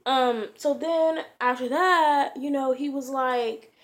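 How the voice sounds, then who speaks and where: Woman vlogger, slightly high pitch, casual rambling storyteller, slangy and filler-heavy. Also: slow pace, a little hiss or hum. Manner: rambling, full of "like" and "you know", slangy.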